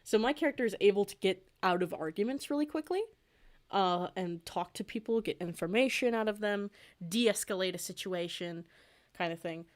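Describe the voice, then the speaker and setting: A woman's voice: mid-range voice, normal speed. Rambling young woman chatting while drawing. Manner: rambling, lots of fillers, easily amused. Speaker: streamer and artist. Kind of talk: casual livestream chat while drawing.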